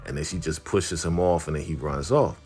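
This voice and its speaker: A man casually recapping a TV drama episode, telling the story with frequent chuckles and animated asides. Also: a bass voice, brisk, slightly rough, faint music behind. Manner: animated storytelling, chuckles often, acts out characters' lines. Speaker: show recap host.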